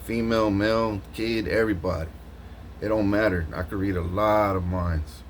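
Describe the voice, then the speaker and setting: A man's voice: on the low side, moderate pace, a little hiss or hum. Laughing, slangy man rambling to camera. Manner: animated, laughs often, slangy, lots of restarts. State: just woke up from a nap. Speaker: vlogger. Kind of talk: rambling casual monologue to camera.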